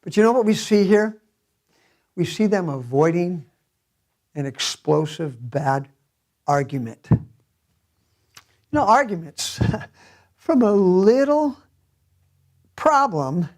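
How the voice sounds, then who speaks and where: A man preaching a sermon as pastor in a church, telling the story in an animated way and chuckling often. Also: high-pitched, takes it slowly, pauses often.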